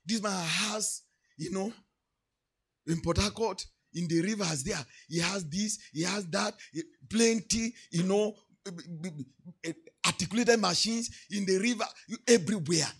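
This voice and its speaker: A male pastor with a Nigerian English accent delivers a sermon in a high, bright voice. His tone is gravelly and husky, and he shifts between quiet remarks and shouted, sing-song declarations. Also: moderate pace.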